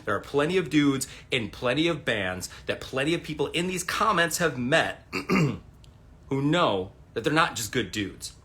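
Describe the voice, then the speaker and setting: Male livestream host, casual rambling storyteller, swears freely, animated delivery, bright tone. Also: mid-range voice, moderate pace. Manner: rambling, profane, lots of fillers and quoted dialogue.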